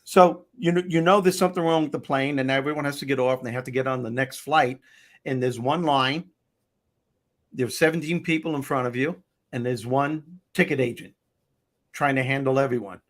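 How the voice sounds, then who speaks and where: A man's voice: medium pitch, brisk. Brief: older male host, chatty storyteller, ordinary mid-range voice, loves to act things out. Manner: animated storyteller, acts out characters. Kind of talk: casual talk show chat.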